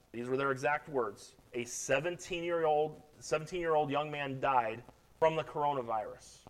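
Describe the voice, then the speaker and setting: Impassioned high-voiced preaching man. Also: poor audio. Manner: impassioned preaching, rising and falling in loudness. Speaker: pastor. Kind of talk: sermon.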